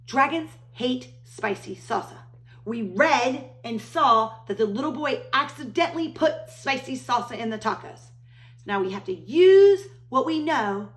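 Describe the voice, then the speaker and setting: A woman teacher reading a picture book aloud to children, animated, with gasps and exclamations. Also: on the high side. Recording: roomy echo.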